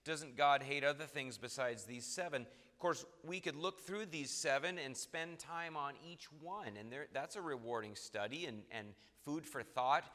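Guy giving an earnest sermon, bright forceful tone, big echoey church sound. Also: fairly high pitch. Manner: earnest, emphatic, reads scripture slowly. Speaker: preacher. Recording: reverberant hall.

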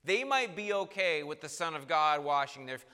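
A man's voice: on the high side, expressive, normal speed, bright, forceful tone, clean tone, long reverb tail. A man preaching who acts out a proud, stubborn male apostle speaking haughtily and insistently. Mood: defiant.

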